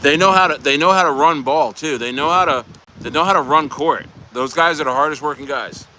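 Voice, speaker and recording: A man's voice: fairly high pitch, brisk, pushed and bright, slight background noise. A man hosting a casual crypto livestream, bantering and joking loosely with viewers in the chat. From United States.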